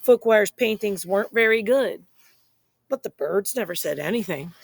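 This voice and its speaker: A woman reading a children's picture book aloud in a playful, expressive way, speaking straight to young listeners. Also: medium pitch, moderate pace, gravelly, no room sound. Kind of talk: children's story read-aloud.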